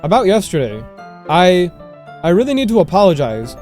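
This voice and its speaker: A man's voice: sits high, sing-song, normal speed, darkish tone, soft background music. A man reading out the lines of a shy, bookish teenage girl from a visual novel, stammering and apologetic. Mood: timid.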